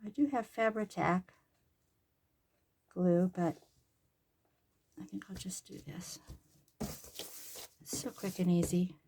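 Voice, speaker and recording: Her voice sits on the low side, steady and slightly mellow, with vocal fry, frequent pauses, and an unhurried pace over slight background noise. The older grandmother runs a crafting vlog and chats in a rambling way while sewing at home, joking at her own expense.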